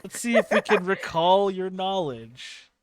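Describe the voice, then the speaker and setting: A man narrating a tabletop game as game master, in a slow, halting way. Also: high voice, crowd noise.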